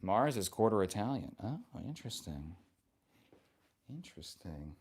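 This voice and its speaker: A man's voice: fairly low pitch, sing-song, unhurried, a little mellow, slightly rough. A man hosting a casual live stream, reading viewer comments aloud and answering them in a playful, joking and affectionate way.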